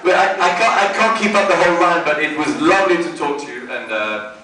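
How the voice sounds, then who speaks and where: A man's voice: on the high side, fast talker, very noisy. A man joking with a fan on a convention panel, teasing and theatrical, calling people darling. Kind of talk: playful live panel banter. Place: large convention hall. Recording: echoey hall, mic far off, loud crowd.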